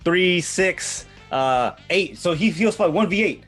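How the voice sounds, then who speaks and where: Guy in his 30s rambling and cursing thru a manga recap, kinda high voice, faint guitar behind. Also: expressive, slow, fairly bright tone. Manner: profane, rambling retelling. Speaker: podcast host presenting a manga. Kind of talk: casual chat.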